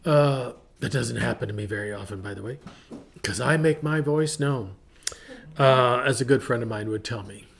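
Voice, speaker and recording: Middle-aged male host, casual devotional talk, mid-pitched and chatty, acts out voices. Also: moderate pace, vocal fry, breathy edge. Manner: chatty and animated, acts out quotes in varied voices. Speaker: ministry podcast host.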